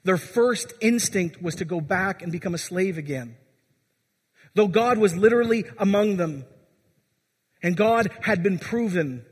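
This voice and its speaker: A man's voice: high-pitched, animated, a little slow, breathy edge. A man preaching a sermon as pastor, urging his congregation and asking them questions. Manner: exhorting, asks the congregation questions. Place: church. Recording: long church reverb.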